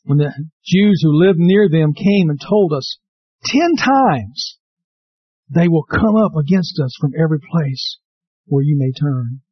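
High-voiced lively preacher man. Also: unhurried, husky, no echo, highs cut off. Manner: lively storytelling preacher, acts out quotes in raised voice. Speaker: pastor. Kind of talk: sermon.

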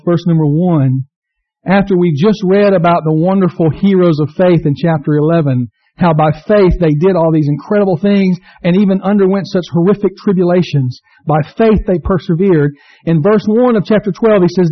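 A man's voice: high voice, moderate pace, no echo, lo-fi sound. A man preaching a sermon, reading scripture aloud and building to impassioned cries. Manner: reads scripture aloud to the congregation. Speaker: pastor.

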